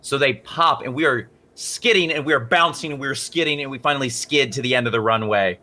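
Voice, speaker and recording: A man co-hosting a casual podcast, telling a story with lots of laughter and excited jumps in his voice. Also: brisk. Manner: animated storyteller, laughs often and jumps high in pitch.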